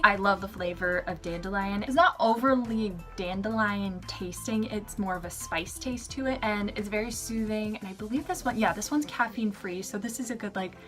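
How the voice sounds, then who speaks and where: A woman's voice: medium pitch, a bit bright. Bubbly young woman gushing over favorites. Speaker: vlogger. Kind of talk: casual favorites vlog.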